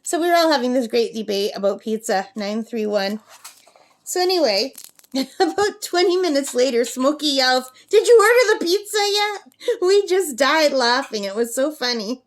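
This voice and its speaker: Middle-aged woman, chatty, fairly high voice, casual crafting vlog, coos at her pet. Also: lively intonation, normal speed. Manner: chatty, reads out number codes, coos at her parrot. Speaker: craft vlogger. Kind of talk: casual chat while crafting. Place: campsite.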